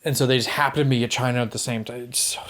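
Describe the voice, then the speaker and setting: A man co-hosting a podcast, chatting casually about movies in a rambling, animated way, swearing and acting out quotes. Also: medium pitch, very fast. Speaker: podcast co-host.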